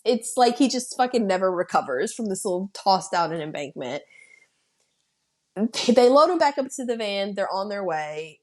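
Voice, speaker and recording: Slow, unhurried woman recapping a film. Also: mid-range voice. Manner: blunt and profane, with laughter. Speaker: podcast host. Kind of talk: casual plot recap.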